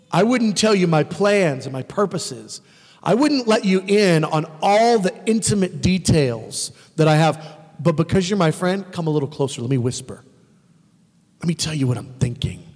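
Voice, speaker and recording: A man voicing God as a gentle male deity who quietly confides his secrets, in a hushed, intimate way. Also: high-pitched, breathy edge, big-room sound, voice pushed down, full character voice. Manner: hushed, intimate, drawing the listener closer.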